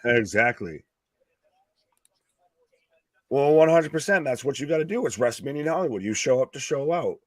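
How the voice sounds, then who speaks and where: A man's voice: mid-range voice, animated, moderate pace, long pauses, no echo, clean studio sound. A man co-hosting a wrestling live stream in casual chat, sarcastic and joking.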